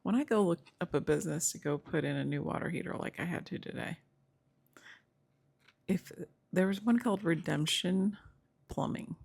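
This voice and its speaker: Middle-aged female commentator, low and gravelly, chatty and digressive. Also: normal speed, darkish tone. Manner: rambling, digressive, chuckling. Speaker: YouTube commentator. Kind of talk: casual chat.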